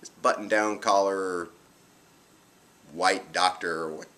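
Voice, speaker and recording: Man, very low voice, forceful and bright, casual rambling vlog storytelling. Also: slow pace. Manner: rambling, animated retelling with many fillers. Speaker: vlogger.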